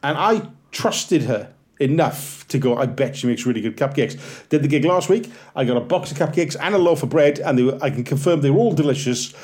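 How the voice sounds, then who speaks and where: A Welsh comedian around forty talks casually on a podcast, his voice sitting at an ordinary middle pitch. He tells animated, self-deprecating stories and slips into little acted-out bits as he goes. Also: fairly quick, few pauses. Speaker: comedian guest.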